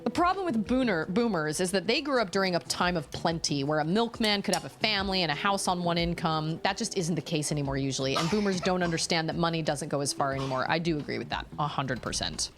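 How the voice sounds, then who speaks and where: A woman gaming streamer talks casually to her chat from home, her voice sitting on the low side. She rambles expressively through stories, and soft game music runs faintly underneath. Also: fast talker, hardly any pauses. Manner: chatty and expressive, rambling storytelling.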